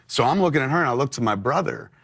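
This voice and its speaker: A man's voice: medium pitch, expressive, rapid-fire, creaky, a bit bright. A man in his forties, an interview guest, telling a personal story candidly with many fillers.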